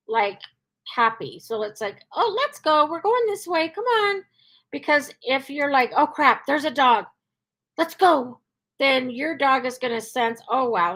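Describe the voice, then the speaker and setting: A woman's voice: a little high, a bit bright. A woman dog trainer answering questions in a live Q&A, chatty, with many fillers, acting out cheerful cues. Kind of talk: live Q&A advice.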